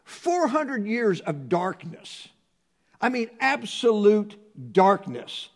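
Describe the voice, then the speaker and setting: A man preaching a sermon, reading scripture slowly and swinging from hushed tones to loud emphasis. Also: high-pitched, very animated. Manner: reads scripture in a slow, measured cadence.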